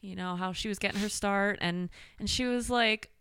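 A woman's voice: medium pitch, moderate pace, a bit bright, clear, resonant tone, dry recording, studio quality. A young woman from Pennsylvania with a Pennsylvania accent, chatting casually as a podcast guest, laughing often and poking fun at herself. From Pennsylvania, USA. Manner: laughs often, playful and self-mocking. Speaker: country pop singer, podcast guest. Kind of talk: casual chat.

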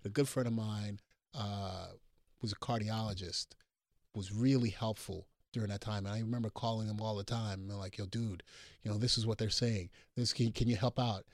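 Middle-aged man, doctor guest, lively storyteller, dry close mic. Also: lowish voice, moderate pace, dry recording. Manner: animated storyteller acting out quoted dialogue. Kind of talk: storytelling on a call-in show.

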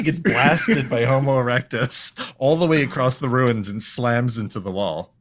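A man's voice: medium pitch, normal speed, hardly any pauses, slight background noise. A man co-hosting a podcast, casually recapping a cartoon episode with jokes and silly put-on voices. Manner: animated, jokey, acts out lines in silly voices. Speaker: podcast co-host.

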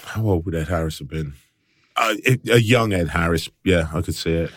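A man's voice: low voice, brisk, dry recording, studio quality. A man co-hosting a film podcast, chatting casually in a rambling way and laughing often. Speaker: podcast co-host.

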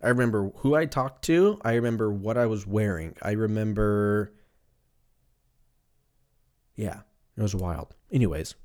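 A man's voice: lowish voice, a little slow, pauses often, a little mellow. A man, hosting a solo podcast in a rambling, profane, jokey way and laughing at his own tangents. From US West Coast. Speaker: podcast host. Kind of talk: casual solo podcast monologue.

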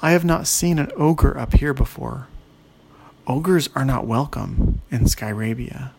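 A man's voice: mid-range voice, a little slow, gravelly, a little mellow, husky. A man voicing a tiny, haughty invisible fairy in a children's story, talking down to the listener. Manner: haughty, condescending. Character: snooty invisible male sky fairy, tiny.

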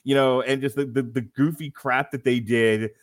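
A man's voice: mid-range voice, fairly even intonation, moderate pace, dry recording, clean studio sound. Jokey, rambling man on a podcast. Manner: jokey, rambling, laughs at his own lines. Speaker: podcast co-host. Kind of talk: casual wrestling review chat.

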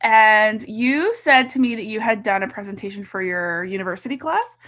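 A Canadian woman hosting a podcast interview over a video call, animated and chatty, laughing often and restarting her sentences. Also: medium pitch, moderate pace. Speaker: podcast host. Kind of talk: casual interview chat.

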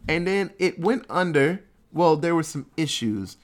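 A man's voice: on the high side, expressive, a little slow. A man recapping a movie in casual chat, rambling and swearing freely. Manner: rambling, profane, storytelling.

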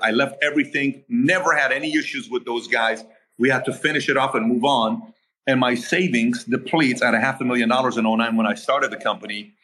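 A man telling his own story in a podcast interview, animated, acting out the quoted dialogue. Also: medium pitch, breathy edge. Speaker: podcast guest. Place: home area in Southern California.

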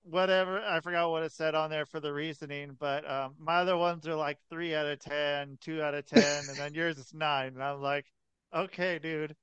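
A man hosts a podcast with loose, laid-back banter full of casual swearing. His voice is fairly high and smooth. The sound is dry and close. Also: steady tone, moderate pace, a bit bright, dry recording, muffled recording. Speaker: podcast host.

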